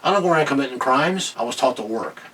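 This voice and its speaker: A man's voice: mid-range voice, lively intonation, fast, a bit bright, slightly rough, recorded from a distance, low-quality recording. A middle-aged man ranting angrily in a video commentary, agitated and repeating himself. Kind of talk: angry political rant.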